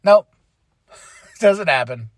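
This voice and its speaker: A man's voice: extremely slow, no room sound. A man hosting a podcast, recapping a wrestling show in casual chat, exasperated and playing out people's reactions. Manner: animated, exasperated, mimics people with his voice jumping up high. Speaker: podcast host.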